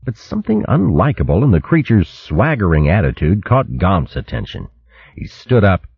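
A man narrating a storybook in an even, measured reading. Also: sits low, gravelly, slightly rough, no room sound, muffled recording. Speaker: audiobook narrator.

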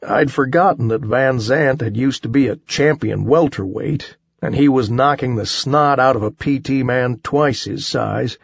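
A man reading a first-person action novel aloud in a dry, wry, steady storytelling manner. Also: medium pitch, vocal fry, breathy edge, no room sound, muffled recording. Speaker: audiobook narrator. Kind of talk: first-person audiobook narration.

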